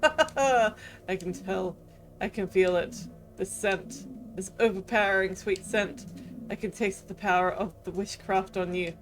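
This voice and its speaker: A woman voicing a cruel male tyrant king in a video game, speaking slowly and tauntingly. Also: medium pitch, close to an everyday voice. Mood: gloating. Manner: slow, taunting, threatening. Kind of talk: reading a video game aloud with voices.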